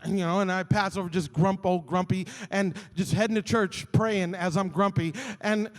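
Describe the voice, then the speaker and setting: High voiced guy pastor, sermon storytelling, acts out his grumpy self, big echoey church. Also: normal speed. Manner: animated storytelling, acts out his own grumbling.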